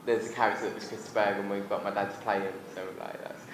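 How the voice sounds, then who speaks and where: A man's voice: fairly low pitch, level tone, fast. A man from England chatting casually as a convention panel guest, rambling and laughing as he acts out family voices. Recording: echoey hall, noisy crowd room.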